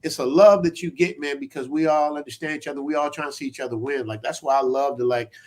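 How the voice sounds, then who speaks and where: A man who runs a channel, talking in casual chat on a stream, animated, laughing often and repeating himself. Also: on the high side, fast talker. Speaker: YouTuber guest.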